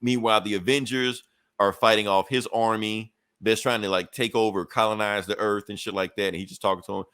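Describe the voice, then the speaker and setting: Low-voiced man recapping a comic, profane. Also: steady tone, fairly quick, fairly bright tone, clean tone, no echo. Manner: profane, loose storytelling; laughs between points. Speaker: comic book reviewer. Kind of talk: casual comic review.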